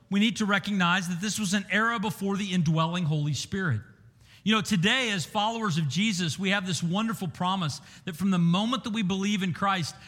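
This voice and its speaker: A man's voice: sits high, fairly bright tone, big-room sound. A man preaching a sermon in an emphatic, conversational way, asking the listeners questions. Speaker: pastor.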